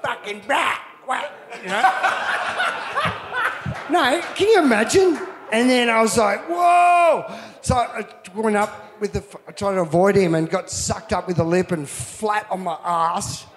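Man, slightly higher voice, casual storytelling, profane, animated, laughs. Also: big-room sound. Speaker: surfer telling a story.

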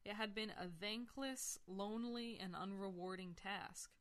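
A woman reads a religious story aloud in a steady, expressive storytelling voice. She sits at a middle pitch and paces her phrases with care for dramatic effect. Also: unhurried, smooth. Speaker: reader on a religious radio broadcast. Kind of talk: dramatic reading of a missionary account.

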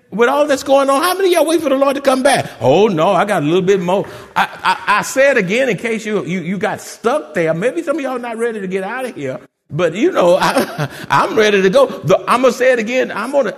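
A man's voice: high-pitched, long reverb tail. A man preaching a fervent sermon as pastor and calling on the congregation for amens.

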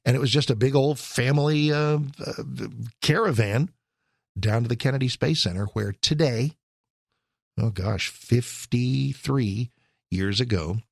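A man's voice: mid-range voice, measured pace, vocal fry, no echo, studio quality. A man in his sixties, a radio host, telling a rambling personal story with wry asides and self-corrections. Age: 60s. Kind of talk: talk radio monologue, personal reminiscence.

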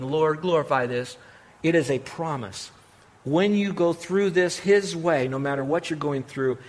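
A middle-aged pastor preaches a sermon in a fairly high-pitched voice. He's emphatic, swinging between loud declarations and hushed asides.

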